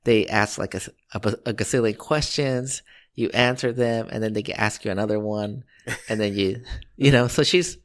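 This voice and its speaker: A man's voice: lowish voice, normal speed. A man co-hosting a podcast who tells a long, profane anecdote in a loose, rambling way. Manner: rambling, profane, restarts often. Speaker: podcast co-host. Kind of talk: casual storytelling chat.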